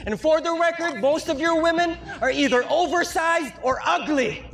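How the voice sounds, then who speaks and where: A man from the Philippines, delivering taunting rap battle verses with punchy lines and bursts of shouting. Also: extremely high pitch, normal speed, vocal fry. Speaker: battle rapper.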